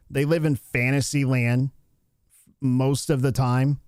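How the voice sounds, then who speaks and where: A man's voice: mid-range voice, smooth, no echo, clean studio sound. A man hosting a livestream, giving blunt, dismissive commentary in a casual ranting way with frequent restarts.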